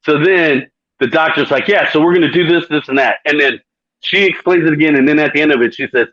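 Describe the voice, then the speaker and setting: A man's voice: on the high side, fast, dry recording, dull audio. A man hosting a podcast, telling a long crude story casually, swearing and laughing often. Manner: profane, laughing, animated storyteller. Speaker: podcast host.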